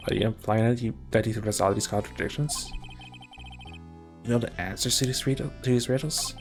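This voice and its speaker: A man's voice: on the low side, fairly quick, vocal fry, soft background music. A man voicing a fussy, easily confused older male judge with formal speech.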